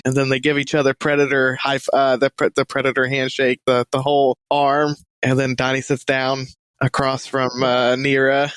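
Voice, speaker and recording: A man's voice: medium pitch, level tone, normal speed, fairly bright tone, clear, resonant tone, no room sound. A man playing a tabletop role-playing game, rambling and searching for words as he describes his character. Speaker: player. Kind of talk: casual tabletop role-play.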